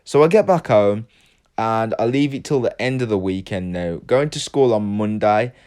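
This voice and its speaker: A teenage man tells a story in a casual, rambling way. His voice sits a little low, and he packs his talk with fillers like "literally" and "like." He swears now and then. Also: animated, normal speed, darkish tone, clear, resonant tone.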